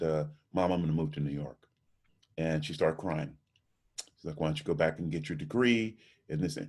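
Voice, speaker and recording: A middle-aged jazz trumpeter being interviewed over a video call, telling lively anecdotes about his career. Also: low voice, husky. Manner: animated storyteller, acts out voices in anecdotes.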